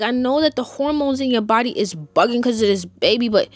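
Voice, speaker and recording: Brief: young woman vlogger, fairly high voice, sassy and exasperated, soft music under her. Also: animated, brisk, hardly any pauses, dry recording. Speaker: TV review vlogger. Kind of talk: casual chat.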